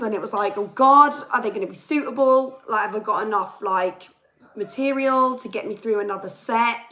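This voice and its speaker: A young female livestream host and singer rants chattily to viewers, reading their comments aloud during a casual live chat. Her voice is mid-range, a bit bright, chesty and worn, captured on a rough recording.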